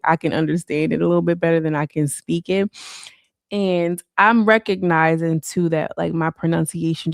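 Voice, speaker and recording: A woman talks to her live-stream viewers from home in a loose, rambling way, peppering every thought with "like." Her voice sits on the low side with a gravelly, fry-laden edge. The sound is dry and close, with no room echo. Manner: rambling, loose, full of "like" fillers. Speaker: livestreamer. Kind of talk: casual live-stream chat.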